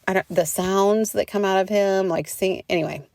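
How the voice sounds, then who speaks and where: A woman's voice: mid-range voice, fairly even intonation, normal speed, hardly any pauses, darkish tone, no echo. A young adult woman hosting a casual spiritual podcast, chatty and swearing freely, with lots of filler words. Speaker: podcast host.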